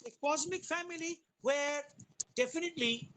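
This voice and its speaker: A woman giving an academic webinar lecture on poetry over a video call, explaining in a deliberate way and often restarting her sentences. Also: high-pitched, fairly bright tone, a little hiss or hum, rough recording. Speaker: guest lecturer.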